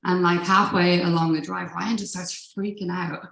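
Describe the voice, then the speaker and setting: A woman's voice: lowish voice, little pitch movement, normal speed, gravelly, fairly bright tone. A woman telling a personal story at a live event, in a casual, profane manner with frequent laughs. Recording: roomy live room echo.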